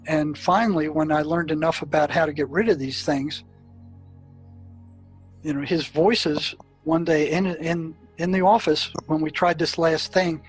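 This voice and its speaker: In an interview, an older man recounts experiences from his career as a psychiatrist, speaking in a voice slightly higher than typical for a man. His anecdotes ramble loosely, packed with fillers and restarts. The audio is poor, with faint music playing softly underneath.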